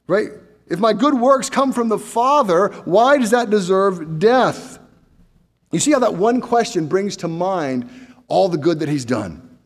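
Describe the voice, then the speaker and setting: A man's voice: high voice, animated, a little slow, long reverb tail. A male pastor preaching a sermon in a conversational way, full of rhetorical questions and restarts.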